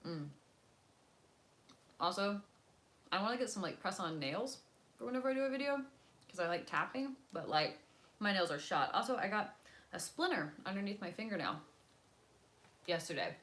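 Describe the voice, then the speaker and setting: On a home live stream, a young female vlogger chats casually, rambling as she eats and moves around the house indoors. Her medium-pitched voice is expressive and a bit bright, at normal speed with frequent pauses.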